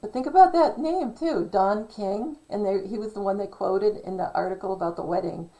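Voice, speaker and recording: A middle-aged woman talking in a rambling, casual monologue, hesitant and full of ums and self-corrections, a little hoarse from losing her voice. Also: mid-range voice, moderate pace, warm tone, rough recording. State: losing her voice, clearing throat. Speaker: channel host.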